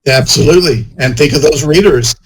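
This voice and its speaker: A man's voice: mid-range voice, fairly quick, poor audio. A man, an author, chatting casually in an interview, rambling and full of "you know" fillers. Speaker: author and guest.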